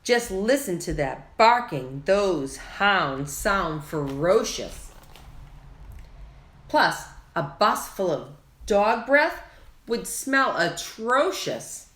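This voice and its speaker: A woman's voice: medium pitch, sing-song, drawn-out words, a bit bright, echoey room, full character voice. A woman voicing an emphatic, bossy cat mother who scolds dramatically in a storybook.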